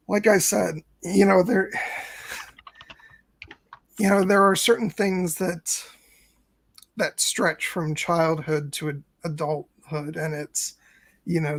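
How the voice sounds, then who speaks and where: A man's voice: fairly high pitch, fairly bright tone. A man in his late thirties co-hosting a casual podcast discussion, talking in an earnest, reflective way with long winding sentences. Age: late 30s. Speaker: co-host, first-time viewer.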